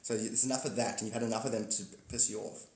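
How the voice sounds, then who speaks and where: A man's voice: on the low side, fairly even intonation, quick pace, darkish tone. A man hosting a casual live stream, rambling, joking and greeting his viewers by name. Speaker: livestream host. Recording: echoey room with faint ambience.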